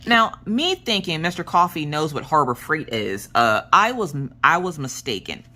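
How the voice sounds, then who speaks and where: A woman in her thirties, a crafting vlogger, telling stories in a chatty, animated way with joking asides. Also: low voice, moderate pace. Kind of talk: casual storytelling chat.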